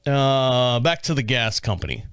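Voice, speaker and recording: A man's voice: medium pitch, lively intonation, unhurried, a bit bright, clean tone, no room sound, clean studio sound. A man, hosting his own show, telling a rambling story and acting out both sides of a phone call. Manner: chatty, acts out both sides of phone calls in rambling asides. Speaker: podcast host. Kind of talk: casual storytelling monologue.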